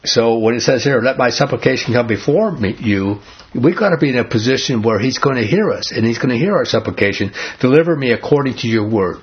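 Male Bible study leader, husky and earnest, quizzes the group; muffled lo-fi recording. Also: medium pitch, expressive, fast talker. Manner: earnest, asks the group questions. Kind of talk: conversational Bible teaching. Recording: dull lo-fi recording.

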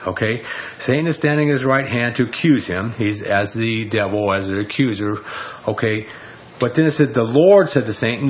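A man's voice: mid-range voice, muffled recording. A man teaching through a Bible passage verse by verse, in a conversational way that keeps checking in with his listeners. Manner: conversational, checks in with frequent "okay?".

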